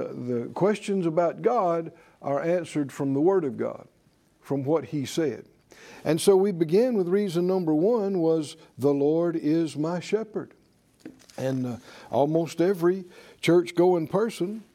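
A man's voice: sits high, dark tone. A man teaching a Bible faith class in a sermon style, emphatic and repetitive, leading the class in call-and-response.

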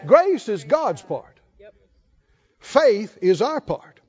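A male pastor preaches a sermon in a very high, lively voice. His delivery is slow and emphatic, rising toward fervent calls, and the recording has a dull, lo-fi sound.

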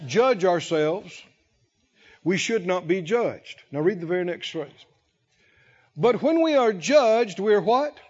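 A male pastor preaching a sermon, speaking slowly and with emphasis, pausing to let the congregation fill in key words. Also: high voice, animated, darkish tone. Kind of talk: sermon with call-and-response. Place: church sanctuary. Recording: lo-fi with long hall reverb.

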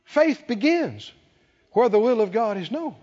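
Male preacher, high animated voice, lots of rhetorical questions, dull sound w/ long echo. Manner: emphatic, rhetorical questions, drawn-out stresses. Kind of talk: sermon.

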